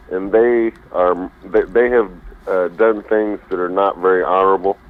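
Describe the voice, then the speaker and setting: A man calling in to a radio talk show, rambling in a folksy way and pausing to search for his words. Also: sits low. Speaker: caller. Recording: phone-line call.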